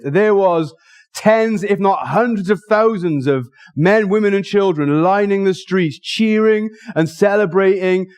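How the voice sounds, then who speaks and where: A man preaching a sermon in church, excitable and jokey, often rushing and restarting his sentences. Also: high-pitched, clear, resonant tone. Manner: excitable, fast-talking, jokey.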